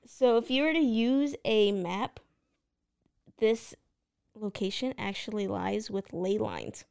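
A woman with a Texan accent co-hosting a casual paranormal podcast, giggling and halting as she tells the history. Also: medium pitch, gravelly, darkish tone, clean tone. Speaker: podcast co-host. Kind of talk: casual chat.

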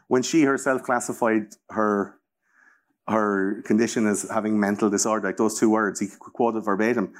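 An Irish man in his thirties hosting a casual chat. He rambles on with plenty of swearing and easy profanity. He stays loose and animated throughout. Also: lowish voice, moderate pace.

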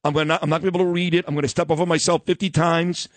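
A man's voice: fairly high pitch, little pitch movement, racing, no echo. A man with a Brooklyn accent hosting a radio show in a studio, joking and self-mocking in casual banter. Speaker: radio host. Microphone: studio microphone.

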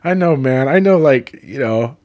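A man's voice: medium pitch, animated, moderate pace, a little mellow. A man from California casually vlogging, rambling and enthusiastic, jumping from thought to thought. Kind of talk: casual travel vlog.

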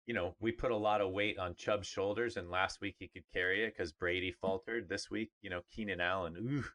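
A man's voice: low-pitched, fairly even intonation, brisk, a bit bright. A man co-hosting a podcast, chatting casually about sports in an upbeat, rambling way with fillers. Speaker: podcast co-host.

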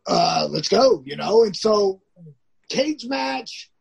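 A man's voice: sits high, expressive, slow pace, creaky, slightly rough. A man, a professional wrestler as a guest, telling stories casually. He rambles, restarts often and acts out the lines of others. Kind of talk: casual storytelling.

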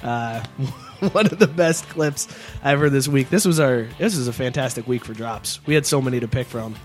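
A man co-hosting a casual sports podcast in a relaxed, joking way, with a Cincinnati accent. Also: mid-range voice, soft background music. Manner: laid-back, joking, quick to laugh. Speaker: podcast co-host. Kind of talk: casual chat.

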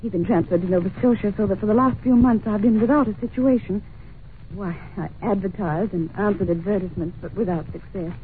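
A woman's voice: medium pitch, a little fast, close to an everyday voice. Woman playing a polite, flustered young governess. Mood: earnest. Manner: earnest, polite, a little flustered. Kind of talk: 1940s radio acting. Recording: scratchy lo-fi old radio broadcast.

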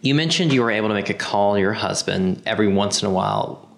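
A man hosting an interview, asking questions in a relaxed, sympathetic way. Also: on the low side, fast talker, vocal fry. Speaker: interview host. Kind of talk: casual interview. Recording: roomy echo.

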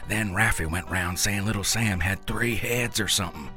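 A man's voice: sits low, moderate pace, music in the background. A man reading a first-person story aloud in a folksy, drawling rural dialect. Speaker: narrator.

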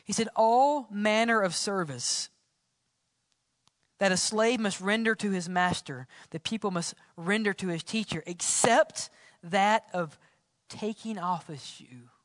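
A man preaching a sermon as pastor in a church, swinging between loud calls and hushed, whispered lines. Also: high voice, unhurried, no room sound, clean studio sound, in a large hall.

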